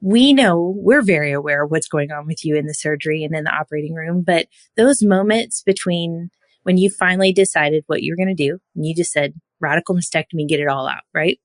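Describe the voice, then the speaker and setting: A woman's voice: sits low, fairly quick, no room sound. A woman, a surgical technologist, hosting a podcast and asking her guest questions in a chatty, rambling way. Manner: chatty, lots of fillers, warm questions. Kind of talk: conversational interview.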